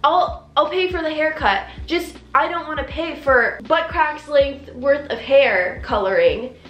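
A young woman, telling a story to the camera in an upset, rapid rant while doing her makeup. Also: high-pitched, a bit bright, roomy sound, dull audio. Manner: upset, rapid recounting with quoted dialogue. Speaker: vlogger. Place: indoors at home, doing makeup.

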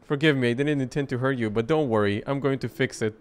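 A man reading game dialogue aloud as a soft-spoken, creepy male doll shop owner who talks calmly and quietly. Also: mid-range voice, fast talker, smooth, close to an everyday voice. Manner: calm, quiet and unsettling.

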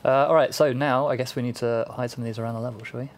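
A man's voice: mid-range voice, steady tone, rapid-fire. A man, a game developer, chatting easygoingly on a livestream and thinking aloud. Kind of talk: casual chat during live game building.

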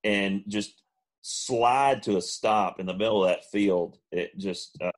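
A man, co-hosting a podcast and telling a long funny story, now and then mimicking friends in high voices. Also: a little slow. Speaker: podcast co-host. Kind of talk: casual storytelling.

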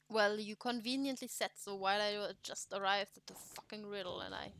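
A woman's voice: medium pitch, fairly even intonation, normal speed, few pauses, fairly bright tone, soft background music. A woman with a German accent chatting casually while playing a game, swearing freely and poking fun at herself. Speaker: let's play streamer. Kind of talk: casual gameplay chat.

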